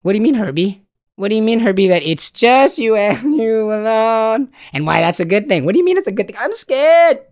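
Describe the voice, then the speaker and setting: A man's voice: high voice, sing-song, fairly quick, voice pushed up. Man doing a frightened whiny listener. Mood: scared. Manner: pleading, repeating himself.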